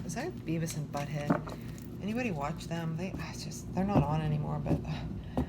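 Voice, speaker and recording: A woman's voice: sits low, brisk. A woman giving a casual tarot reading, chatty and thinking aloud with many fillers, a little out of breath. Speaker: tarot reader. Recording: loud background noise.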